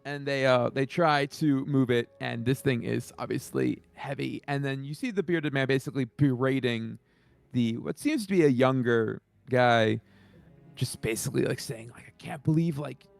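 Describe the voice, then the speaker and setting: A man's voice: mid-range voice, moderate pace, gravelly. A man narrating a tabletop game as game master in a loose, casual way.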